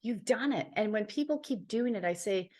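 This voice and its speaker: A woman's voice: mid-range voice, lively intonation, moderate pace, a little mellow. A woman from Ontario, Canada, a healer and psychic, telling a personal story as an interview guest in an earnest, heartfelt way, repeating phrases for emphasis.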